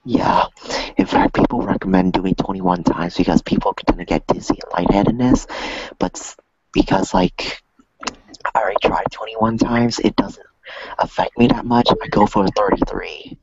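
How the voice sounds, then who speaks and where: A man with a low, husky voice talks in a casual chat, often dropping into a soft half-whisper. His voice is gravelly, and the sound is muffled. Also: steady tone, normal speed. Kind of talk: casual conversation.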